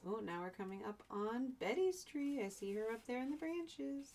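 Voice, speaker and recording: A woman teacher reading a picture book aloud to young children, chatty, pausing to add asides and explain words. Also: on the high side, lively intonation, a little mellow, a little hiss or hum.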